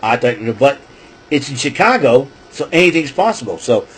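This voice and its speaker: A man casually rambling through a wrestling show recap, excitable and correcting himself as he goes. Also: medium pitch, fairly quick, breathy edge, rough recording. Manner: excitable, self-correcting, chatty asides.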